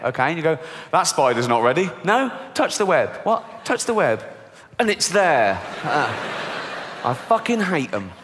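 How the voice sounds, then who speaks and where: A middle-aged English man performing a stand-up comedy set, telling stories bluntly and swearing often. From England. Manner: animated storytelling with squeaky high voices for children. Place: large theatre stage before an audience. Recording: live theatre recording with long hall reverb.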